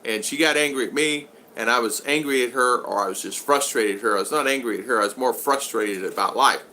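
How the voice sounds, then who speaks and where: Older man, rambling live-stream host, reads viewer comments, bright voice. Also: mid-range voice, fairly quick, a little hiss or hum. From United States. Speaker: vlog host. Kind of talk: casual live-stream chat.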